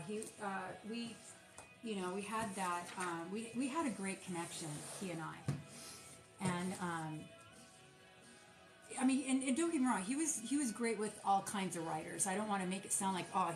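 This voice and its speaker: A woman who runs a small soap business, chatting casually and rambling with many fillers while packing orders on a livestream. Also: medium pitch. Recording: roomy sound with music behind.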